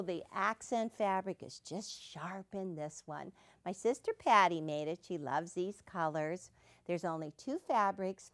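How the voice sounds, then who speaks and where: Older woman host, lively swooping delivery, slightly low voice, warm gushing quilting teacher. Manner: gushing, enthusiastic, starts lines with "well". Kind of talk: show-and-tell then sewing lesson.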